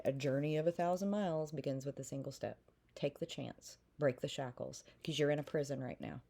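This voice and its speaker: A woman's voice: low-pitched, gravelly, warm tone. A middle-aged woman giving a heartfelt tarot reading, encouraging the listener and checking in with frequent "okay?" and "right?". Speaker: tarot reader.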